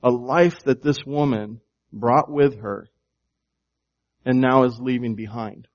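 A man's voice: medium pitch, slow pace, dull audio. A man preaching a sermon, emphatic and shifting his volume to stress words, often asking his congregation questions. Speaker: pastor.

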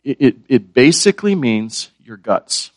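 A man's voice: medium pitch, sing-song, a little slow, no room sound. A man preaching a sermon, asking his listeners questions and repeating key words. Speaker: pastor.

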